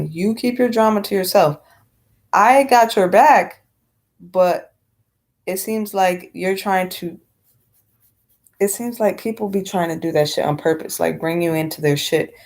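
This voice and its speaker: On her vlog, a woman with a slightly low, darkish voice rants bluntly and without a filter. She swears freely and rambles casually, full of fillers and restarts.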